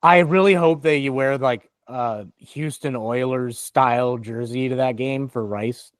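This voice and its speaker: A man's voice: medium pitch, measured pace, no room sound. A young man co-hosting a casual sports talk show, trading jokes and teasing banter. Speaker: podcast co-host.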